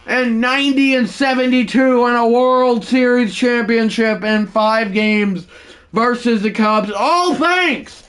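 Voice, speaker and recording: A man livestreaming a baseball video game, commentating his own play and bursting into shouted home-run calls. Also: very high voice, slow, clean tone. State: out of breath. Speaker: gaming livestreamer. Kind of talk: live gameplay commentary.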